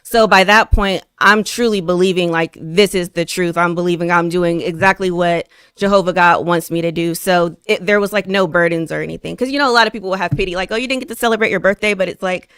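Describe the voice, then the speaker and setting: A woman speaks openly about her past in a relaxed interview, her voice a touch low and notably smooth. She strings thoughts together with casual fillers. The sound is dry and close. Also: a little fast, dry recording. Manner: open storytelling, many "like" fillers. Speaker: podcast guest, spiritual consultant. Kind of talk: candid casual interview talk.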